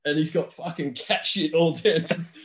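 A man's voice: on the high side, moderate pace, crowd noise. A young man co-hosting a casual podcast chat, telling stories while laughing and swearing freely. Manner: laughing storyteller, swears a lot. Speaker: podcast co-host.

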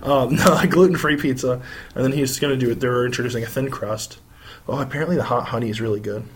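This man's voice is medium in pitch and steady, delivered fast with a breathy edge. As co-host of a casual gossip show with his wife, he rambles on, swears without restraint and laughs often.

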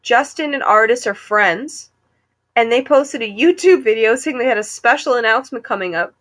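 A woman co-hosting a podcast, chatting casually and retelling a story in an animated, giggly way with lots of "like". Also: a little high, moderate pace. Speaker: podcast co-host. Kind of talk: casual chat.

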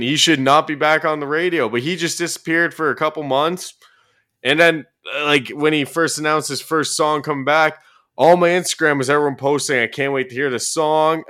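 A man hosting a podcast and chatting casually, telling stories loosely with plenty of swearing and sudden bursts of emphasis. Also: fairly high pitch. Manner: loose and profane, animated storytelling with bursts of emphasis. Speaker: podcast host and commentary YouTuber.

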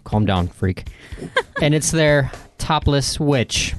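A man co-hosting a casual podcast, presenting a beer in a relaxed, wry way. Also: a little high, slow pace, faint music behind.

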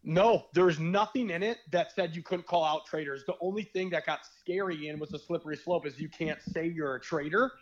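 A man's voice: on the high side, brisk, hardly any pauses. Rambling young man, lo-fi recording. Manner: rambling, animated storytelling with fillers. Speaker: former reality game contestant. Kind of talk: casual podcast chat.

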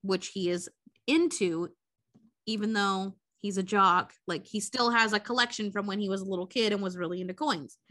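A woman's voice: medium pitch, moderate pace. A young woman podcast co-host retelling a movie plot in casual, profane chat. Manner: profane, animated storytelling.

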